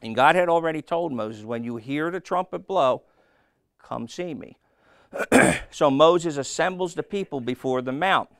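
A man preaching a sermon, telling a story with lively, playful asides and asking his listeners questions. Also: on the high side, measured pace, dry recording, studio quality. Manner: animated storytelling, acting out voices, asks the crowd questions.

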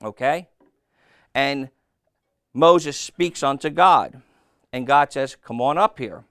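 A man preaching a sermon, telling a story with lively, playful asides and asking his listeners questions. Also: medium pitch, takes it slowly, smooth, dry recording, clean studio sound. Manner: animated storytelling, acting out voices, asks the crowd questions.

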